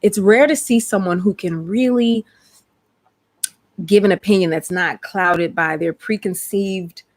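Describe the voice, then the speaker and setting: Chatty woman host with a low voice. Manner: rambling, chatty, talks straight to viewers. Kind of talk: casual livestream chat.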